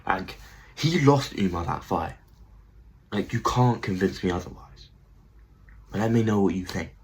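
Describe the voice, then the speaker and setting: A man hosting a casual commentary rant about fighters. He is excitable, swears a lot and repeats himself. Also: sits low, a little slow, rough recording. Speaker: MMA commentary channel host.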